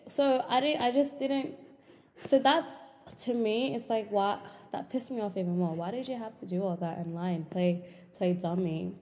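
A young woman hosting a podcast, telling a personal story in casual chat, swearing and getting animated when exasperated. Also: normal speed, in a large hall. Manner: animated, swears often, frequent pitch jumps when exasperated. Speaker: podcast host.

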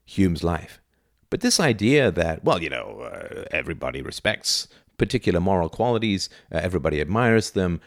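A man's voice: low voice, no room sound, studio quality. A man giving an unscripted philosophy lecture in a blunt, opinionated way, with sudden emphatic jumps in his voice.

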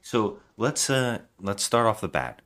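Animated deep-voiced man riffing on a movie. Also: measured pace. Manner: animated, sarcastic retelling with quoted lines. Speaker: podcast co-host. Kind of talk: casual movie review chat.

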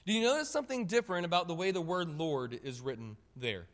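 A man preaching a sermon, animated and emphatic, talking straight to his congregation. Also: high-pitched, fast. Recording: long reverb of a hall.

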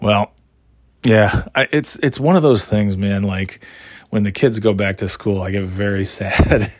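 A man's voice: fairly low pitch, unhurried, no echo. A middle-aged man hosting a casual solo podcast, rambling and joking at his own expense, with a scratchy throat left over from being sick. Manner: rambling, self-mocking, swears casually. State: scratchy throat after illness. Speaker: podcast host.

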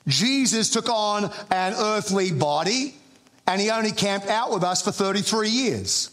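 Pastor, male, high-pitched, joking asides, rising emphasis on scripture. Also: expressive, moderate pace, a bit bright. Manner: humorous storytelling with frequent restarts; builds emphasis when quoting scripture. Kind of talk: sermon.

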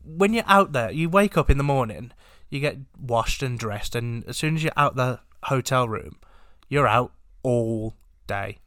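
A young man from the UK chats casually with a joking, easygoing manner. His voice has a bright, forward edge at a middling pitch. The recording is dry and close. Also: lively intonation, a little slow, hardly any pauses, dry recording. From United Kingdom. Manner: jokey, does exaggerated voices for others. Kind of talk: casual chat.

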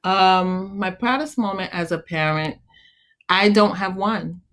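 A woman guest in an interview, speaking earnestly and encouragingly about being a mother, growing animated as she tells stories. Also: medium pitch, measured pace. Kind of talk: conversational interview.

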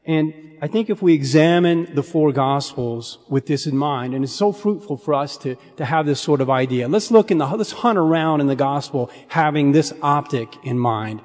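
A man preaching a sermon in an earnest, measured way, dropping his voice to a hush on key phrases. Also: a little high. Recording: long hall reverb.

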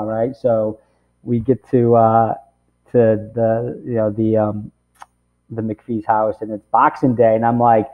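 A man's voice: fairly low pitch, flat delivery, slow pace. A man in his forties, a camp director, telling a long personal story in an interview, rambling and filling his talk with "you know" and "right?". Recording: tinny phone-like audio.

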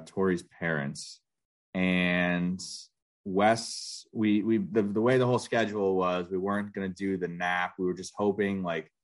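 Low-voiced man, rambling podcast chat. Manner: rambling, full of filler words. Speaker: podcast co-host. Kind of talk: casual chat.

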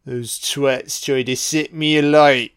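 A man's voice: medium pitch, fairly even intonation, slow pace, smooth. A man voicing a masked slasher killer who sneers profane taunts at his victims. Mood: sneering.

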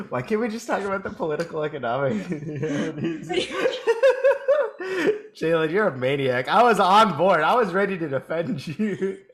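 A man's voice: high voice, very animated, moderate pace, a bit bright, slight background noise. A young man co-hosting a podcast, teasing his co-host and laughing often in casual chat.

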